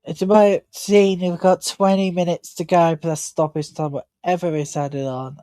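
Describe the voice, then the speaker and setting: A woman's voice: fairly low pitch, fairly even intonation, moderate pace, mellow, no room sound. A tired woman hosting a live football watch-along, chatting and commenting on play in a rambling, chatty way. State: tired, yawning. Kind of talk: live match commentary and chat.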